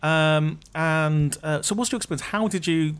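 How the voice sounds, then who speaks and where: A man's voice: on the high side, moderate pace, a bit bright, clear, resonant tone. A man hosting a casual podcast, easygoing and hesitant, steering the chat with ums and questions. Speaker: podcast host.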